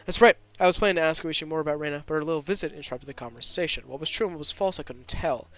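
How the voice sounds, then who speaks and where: A man narrating a story at a rapid clip, his voice slightly high. He reads tense first-person scenes as a streamer, breaking off now and then for asides. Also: a bit bright, no room sound. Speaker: streamer reading a visual novel aloud.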